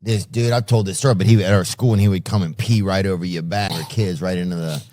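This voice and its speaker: A man's voice: deep voice, steady tone, quick pace, darkish tone. A man with a Southern US accent hosting a podcast, joking and drawling, laughing often. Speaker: podcast host. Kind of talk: casual podcast banter.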